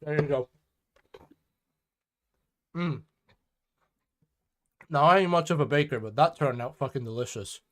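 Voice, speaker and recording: A man's voice: on the high side, a little slow, long pauses. A man hosting a live stream podcast, chatting casually and crudely with friends while sick with a cold. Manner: crude, joking, swears a lot.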